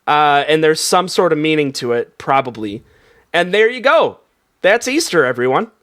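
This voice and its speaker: Excited improv guy rambling, pretty high voice, bouncy. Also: moderate pace. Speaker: improv comedy performer. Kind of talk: casual comedy banter.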